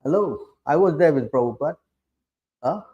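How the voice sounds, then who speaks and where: A man's voice: a little high, expressive, moderate pace, mellow, lo-fi sound. A middle-aged man giving a scripture class as a preacher, challenging his listeners and often asking rhetorical questions. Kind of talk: sermon.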